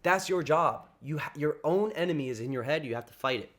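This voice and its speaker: Excitable, profane male dating coach. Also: on the high side, brisk, a little hiss or hum. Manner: excitable, profane, slangy, addresses listeners as bro. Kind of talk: casual motivational monologue.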